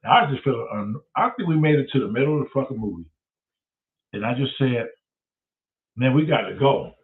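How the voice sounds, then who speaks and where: Man, lively comic storyteller, higher voice, tinny and distant like a phone line. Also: normal speed. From Detroit, USA. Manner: profane, animated, acts out voices of others. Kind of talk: comedic storytelling.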